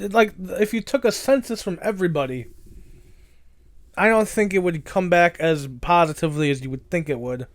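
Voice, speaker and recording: A man hosting a casual solo podcast, rambling and correcting himself, swearing now and then. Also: on the high side. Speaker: podcast host.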